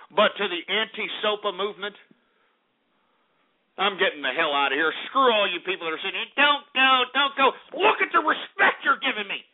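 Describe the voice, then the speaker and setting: A man hosting a call-in radio show, ranting angrily and profanely, repeating himself. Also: high-pitched. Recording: tinny phone-like audio.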